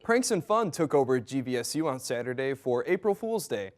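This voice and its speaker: A man's voice: medium pitch, sing-song, brisk. A man anchoring and introducing a news segment from a script.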